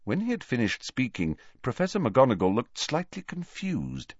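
A male audiobook narrator with a mid-pitched voice that swings widely as he tells the story. The sound is very dry and close, and slightly dull and lo-fi. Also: moderate pace, hardly any pauses, breathy edge, no echo. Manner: expressive, varied storytelling. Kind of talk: scripted narration.

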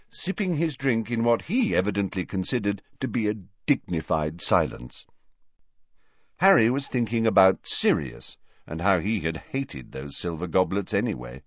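A man narrating an audiobook with expressive storytelling. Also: deep voice, dry recording, highs cut off.

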